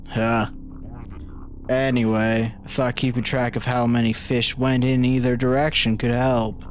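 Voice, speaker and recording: A man streaming a game live, reading its text aloud in an unhurried, musing way and turning flustered when something breaks. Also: medium pitch, level tone, a little hiss or hum.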